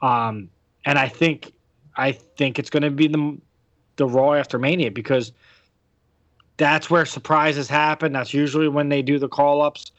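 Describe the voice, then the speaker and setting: A man's voice: fairly high pitch, fairly even intonation, measured pace, a bit bright, dry recording, highs cut off. An American man hosting a podcast, chatting casually about wrestling with lots of fillers and restarts. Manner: rambling, many fillers and restarts. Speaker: podcast host.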